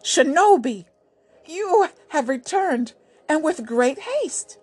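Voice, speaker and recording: A woman doing a high, delighted old king. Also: very animated, slow, darkish tone, exaggerated voice. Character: overjoyed male king, relieved.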